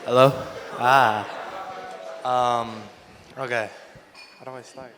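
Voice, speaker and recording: A young man giving a nervous, halting groomsman toast at a wedding, stumbling and restarting. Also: mid-range voice, little pitch movement, fairly bright tone. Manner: halting, flustered, lots of restarts. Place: wedding reception hall. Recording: long hall reverb.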